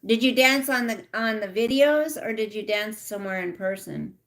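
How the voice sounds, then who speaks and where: A woman's voice: a little high, moderate pace. A middle-aged woman casually chatting with viewers on a livestream, reading out their comments. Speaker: livestream host. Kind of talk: casual live chat with viewers.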